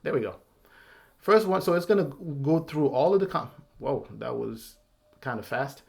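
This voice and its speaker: A man's voice: fairly high pitch, animated, moderate pace, creaky, a little mellow, slight background noise. A man hosting his own channel's giveaway vlog, talking casually in a rambling, apologetic way with nervous laughs. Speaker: YouTube channel host.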